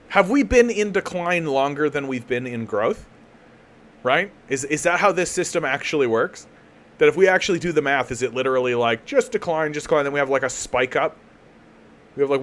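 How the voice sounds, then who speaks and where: A man's voice: medium pitch, a little fast. A man hosting a live political commentary stream, talking casually and sarcastically, swearing freely and often restarting his sentences. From Canada.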